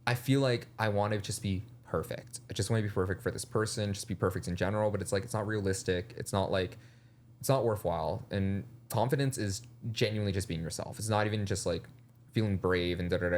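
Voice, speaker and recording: Fast-talking blunt man, casual chat. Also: fairly low pitch, slight background noise. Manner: blunt, animated storyteller, swears freely, laughs often. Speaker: podcast guest. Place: podcast studio.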